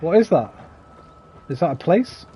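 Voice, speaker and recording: A man's voice: on the high side, big pitch swings, measured pace, dark tone, a little hiss or hum. A man streaming a video game, chatting casually with viewers, greeting them by name and swearing freely. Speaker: gaming streamer. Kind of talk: casual live-stream chat while playing.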